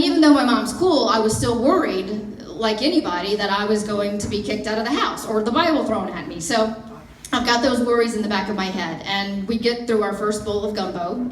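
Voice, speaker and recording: A woman's voice: mid-range voice, normal speed. Chatty woman comedian, roomy sound. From Mississippi, USA. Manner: animated, self-mocking, chatty. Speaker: stand-up comedian. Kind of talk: stand-up storytelling. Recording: roomy, from far off.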